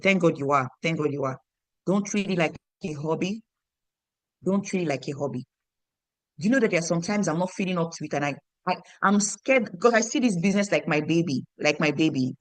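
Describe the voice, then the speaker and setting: A woman's voice: fairly low pitch, brisk, dry recording. Nigerian woman, 30s, motivational team coach; emphatic, repetitive, quizzes the audience, dry close-mic read. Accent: Nigerian English. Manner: emphatic, repeats lines for stress, asks the audience questions. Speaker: business team leader coaching her downline. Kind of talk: motivational online training talk.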